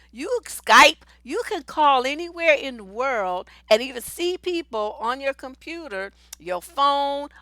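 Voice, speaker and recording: Woman advice host, high forceful voice, blunt and profane, dry close sound. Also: dry recording. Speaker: relationship coach and host. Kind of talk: livestream advice show.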